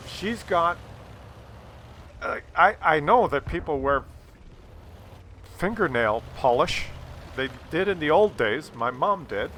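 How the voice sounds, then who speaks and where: An older man rants over gameplay in a rambling, sarcastic storytelling voice, swearing freely. His voice sits fairly high and swings lively up and down. The tone is bright and edgy. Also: a little hiss or hum. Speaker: gaming YouTuber.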